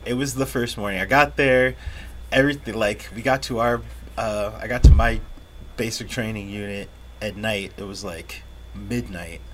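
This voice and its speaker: A man's voice: lowish voice, moderate pace, a little hiss or hum. A young man co-hosting a podcast, telling stories in casual chat, cursing freely and laughing as he goes. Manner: profane, laughing, acts out yelled quotes. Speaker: podcast co-host.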